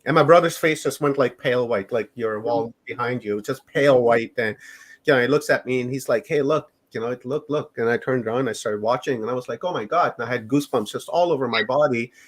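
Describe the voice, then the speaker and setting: A middle-aged man from Canada, a podcast guest recounting his own experiences in a loose, unhurried way. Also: medium pitch. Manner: unhurried, rambling storytelling. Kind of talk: personal storytelling in an interview.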